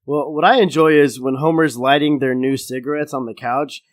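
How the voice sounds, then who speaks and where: A young man co-hosting a podcast, relaxed and amused, chiming in with quick asides about a cartoon episode. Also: mid-range voice, dry recording, clean studio sound. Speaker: podcast co-host. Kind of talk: casual episode recap.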